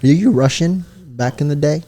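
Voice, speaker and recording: A man's voice: on the high side, moderate pace, warm tone. A man co-hosting a casual podcast, teasing and needling his co-host and laughing at his own jokes. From Filipino family background. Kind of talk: casual banter.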